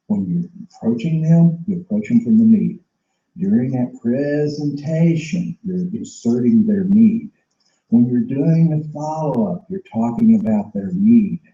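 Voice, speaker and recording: A man's voice: medium pitch, expressive, unhurried, dark tone, roomy sound, dull audio. A man giving an emphatic, repetitive sales training talk and acting out sales dialogues.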